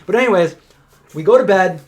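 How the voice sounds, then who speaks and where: A man co-hosting a live question-and-answer stream, telling a story in a casual, animated way with lots of filler words. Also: high voice, a little fast. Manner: animated, chatty, many "like" fillers.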